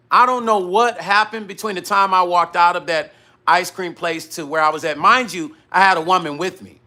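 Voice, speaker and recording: High, bright-voiced man telling a story. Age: middle-aged. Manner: animated retelling that acts out dialogue, with frequent profanity. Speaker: musician hosting his own live vlog. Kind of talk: casual live-stream storytelling.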